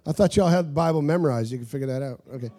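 Guy pastor preaching, kinda high voice but warm, tells stories all animated, jokes w the crowd. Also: racing. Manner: animated storytelling with laughs and asides to the congregation. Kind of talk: sermon.

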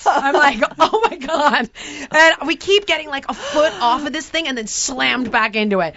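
Animated high-voiced woman telling a story. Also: a little slow. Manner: dramatic, laughing, shrieks when quoting herself. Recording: dull lo-fi audio with background noise.

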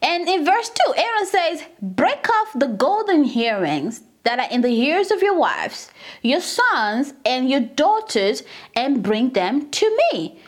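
A woman leading a casual Bible study, retelling scripture with animated, indignant asides. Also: sits high, slow.

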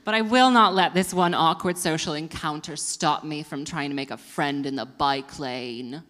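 A woman's voice: low voice, moderate pace, a bit bright, big-room sound. A woman hosting a live comedy show, rambling and self-mocking, laughing at her own jokes. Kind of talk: stand-up comedy. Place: performance venue with live audience.

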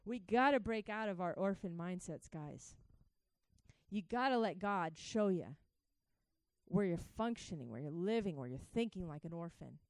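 A woman's voice: on the low side, animated, moderate pace, dry recording, studio quality. A woman preaching a sermon, telling her own testimony with fervent, direct appeals to the listeners. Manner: impassioned, talks straight to the crowd.

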